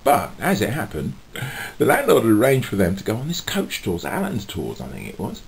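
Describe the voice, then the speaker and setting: A man chats to his camera in a rambling, low-pitched voice that rises and falls a lot. He keeps stopping for fillers and little chuckles, with a faint hum of noise behind him. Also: wildly swooping pitch, brisk, creaky. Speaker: vlogger and street musician. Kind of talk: casual chat to camera.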